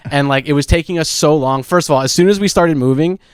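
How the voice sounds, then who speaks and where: A man's voice: fairly high pitch, fast talker, smooth, dry recording, clean studio sound. A man in his thirties, a podcast co-host, rambling through a long anecdote with many fillers. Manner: rambling storyteller, lots of fillers. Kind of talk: casual chat.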